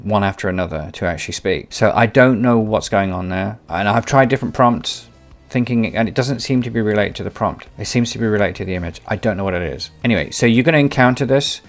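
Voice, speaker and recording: Low-voiced man rambling through a tech tutorial. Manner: rambling, repeats himself while searching for words. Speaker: tech video host. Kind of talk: tutorial commentary.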